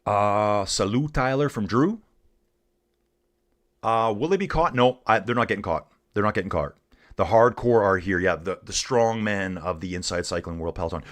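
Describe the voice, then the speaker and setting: Excitable canadian guy doing live bike race commentary, calls everyone dude, lower voice. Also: normal speed. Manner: chatty and excitable, talks to viewers as dudes. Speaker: host of a cycling live stream.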